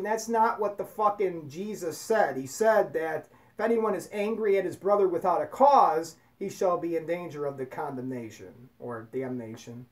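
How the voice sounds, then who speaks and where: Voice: medium pitch, moderate pace, hardly any pauses. A host giving casual spoken commentary in a blunt, profane, rambling way. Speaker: video host.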